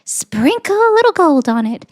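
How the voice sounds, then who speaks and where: A woman doing a high-pitched impression of a male politician, copying his bragging cadence. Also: very animated, moderate pace, no echo, studio quality. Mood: mocking.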